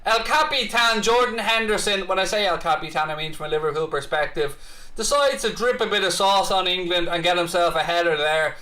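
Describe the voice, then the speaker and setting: An Irish man hosting a live football watchalong, chatty and excitable, swearing freely as he reacts to the match and answers viewers' comments. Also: sits high, a little fast. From Ireland.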